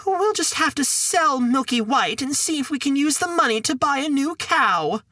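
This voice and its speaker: A man voicing a poor, fretful old mother in a wailing high falsetto in a storybook podcast. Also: animated, normal speed, pushed and bright, no echo, clean studio sound, exaggerated voice. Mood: scolding.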